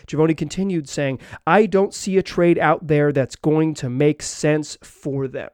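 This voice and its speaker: Male podcast host, slightly high voice, rambling casual sports talk, dry close mic. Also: fairly even intonation, moderate pace, darkish tone, dry recording. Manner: rambling, many restarts and fillers.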